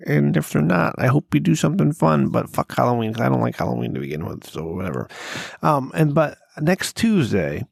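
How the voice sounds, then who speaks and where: A man's voice: mid-range voice, big pitch swings, fairly quick, gravelly, darkish tone, breathy edge, no echo, studio quality. A man hosting a podcast in a casual, profane, rambling and jokey way. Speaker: podcast host. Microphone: studio mic.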